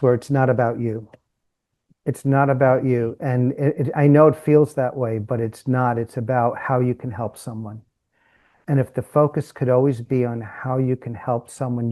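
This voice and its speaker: A man's voice: mid-range voice, steady tone, normal speed, mellow. A man, a communication coach, guesting on a podcast and telling stories animatedly, acting out the people in them. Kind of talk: interview storytelling.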